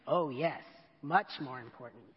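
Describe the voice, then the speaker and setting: A woman reading aloud, voicing a gentle, patient mother bear who explains things in a soft, reassuring way. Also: low voice, unhurried, pitched below the performer's own voice. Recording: dull echoey church hall.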